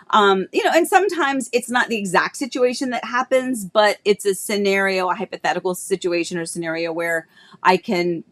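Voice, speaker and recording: A middle-aged woman real estate agent hosting a casual live stream, bubbly and chatty, greeting viewers by name, with a tickle in her throat. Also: mid-range voice. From Florida, United States.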